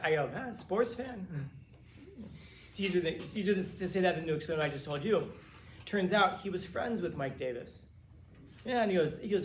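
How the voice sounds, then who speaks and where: A man who teaches, from Los Angeles, telling his students a long story in a casual, animated way, quoting the people in it. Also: high-pitched, fast talker, reverberant, a little hiss or hum. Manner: casual, animated retelling with quoted dialogue. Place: classroom.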